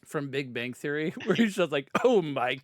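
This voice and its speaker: A man's voice: on the high side, lively intonation, normal speed, no room sound. Chatty man player, dry close sound. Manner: chatty, laughing, explains his character's quirks. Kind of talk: casual tabletop play.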